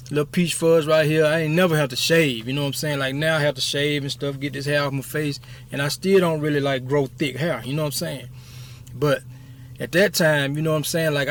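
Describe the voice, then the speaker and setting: A man in his fifties with a fairly high voice, talking casually to camera. He rambles through a personal story, circling back on his words and checking in with the listener often. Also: slight background noise. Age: 50s. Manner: rambling, keeps saying "you know what I'm saying". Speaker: YouTube storyteller.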